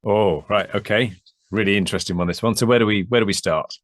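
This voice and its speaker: A man's voice: lowish voice, quick pace, dry recording. A man co-hosting a business advice discussion, speaking conversationally and prompting with questions. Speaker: business advisor and co-host.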